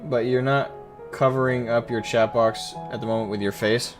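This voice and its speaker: A man's voice: medium pitch, steady tone, normal speed, over music. A man streaming a game, chatting casually and self-mockingly with viewers. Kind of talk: casual gameplay commentary.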